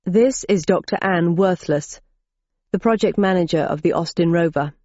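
Woman doing a calm, assured company boss. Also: fairly low pitch, moderate pace, dry recording, dull audio, close to an everyday voice. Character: calm, assured male corporate executive.

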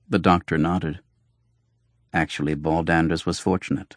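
A man giving a measured, formal scripted narration of an audiobook. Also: sits low, dry recording, clean studio sound.

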